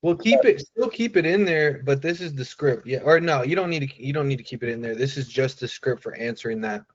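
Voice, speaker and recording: Over muffled, lo-fi video-call audio, a man coaches a sales trainee live, speaking casually with plenty of fillers and acting out sample lines. His medium-pitched voice is animated and fairly quick.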